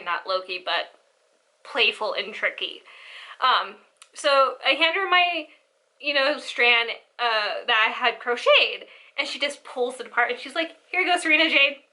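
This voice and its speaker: A young woman telling a family story in a casual, animated way, acting out the voices of her relatives. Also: a little high, measured pace. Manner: animated, acts out family members' lines. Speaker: storyteller vlogger.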